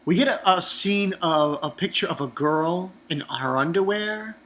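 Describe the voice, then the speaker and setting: A man reviewing a manga chapter in an excitable, profane, rambling way. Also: high-pitched, a little slow. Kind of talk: casual online review.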